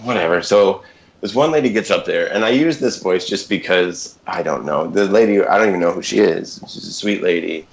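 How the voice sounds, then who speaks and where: A man's voice: sits low, a little fast, vocal fry, few pauses, dull audio. A man in his thirties, a podcast guest, telling a personal story casually, rambling and often interrupting himself with fillers and asides.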